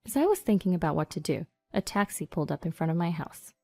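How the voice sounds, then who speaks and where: Woman narrating a story, dry and mellow. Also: lowish voice, big pitch swings, fast, vocal fry, no room sound. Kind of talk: first-person story narration. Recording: dry studio voice-over over soft music.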